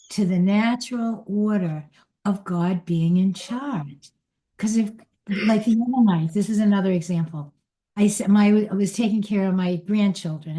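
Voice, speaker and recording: An older woman giving an inspirational spiritual talk in a gentle, unhurried and reflective way. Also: mid-range voice. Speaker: spiritual teacher.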